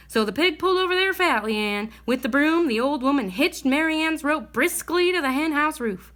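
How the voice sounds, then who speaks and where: A woman reads a bedtime story aloud with a high, bright voice. Her pitch swings widely as she tells it in a gentle, expressive manner. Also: moderate pace, few pauses.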